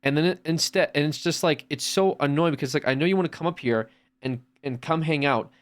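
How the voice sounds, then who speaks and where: A man's voice: fairly high pitch, brisk. A man streaming from home, chatting casually in a rambling way with lots of restarts and swearing. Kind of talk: casual chat.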